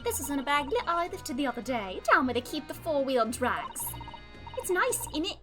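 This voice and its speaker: A woman's voice: high-pitched, very animated, normal speed, bright, forceful tone, faint music behind, heavily acted. A woman voicing a cheeky young female street pickpocket, with an attempted Cockney accent and a brash, defiant manner.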